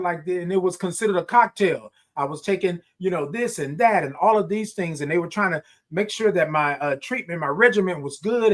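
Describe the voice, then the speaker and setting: A high-pitched, middle-aged male host leads a live morning show in an animated, preacher-like manner. He goes back over phrases and reads viewers' comments on air.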